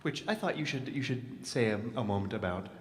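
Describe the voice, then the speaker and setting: Fast-talking joking man on stage. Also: medium pitch, lively intonation, long reverb tail. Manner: quick and joking, with halting restarts. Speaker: fellow performer on stage. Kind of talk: joking stage banter at a live concert. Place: concert venue at a music festival.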